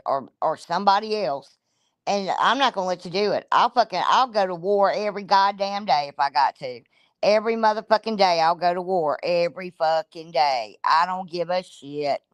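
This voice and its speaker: A woman's voice: fairly low pitch, no echo. A woman streaming a profane, confrontational rant. She is blunt and she talks straight at the listener. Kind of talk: ranting livestream commentary.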